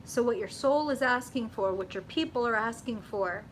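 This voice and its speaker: A young woman hosting a live tarot reading, chatting with viewers in an animated, casual way, swearing freely and saying "like" often. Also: on the high side, normal speed, a little hiss or hum.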